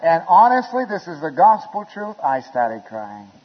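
A man preaching a sermon in a church, telling wedding stories with chuckles and building to shouted appeals. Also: fairly high pitch, very animated, unhurried, a little hiss or hum. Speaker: pastor. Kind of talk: storytelling sermon. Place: church sanctuary. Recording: lo-fi recording with long hall reverb.

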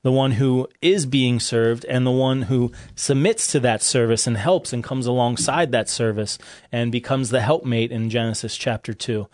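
Man, Bible-show co-host, earnest and emphatic, mid pitch, dry close recording. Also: fairly even intonation, normal speed, few pauses, a little mellow, no room sound. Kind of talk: live-streamed Bible discussion.

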